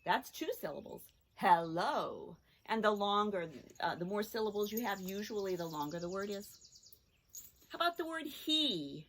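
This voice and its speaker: A woman teaching a children's phonics lesson, sounding out words slowly and carefully. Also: mid-range voice, animated, fairly bright tone. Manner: slow, drawn-out sounding out of words.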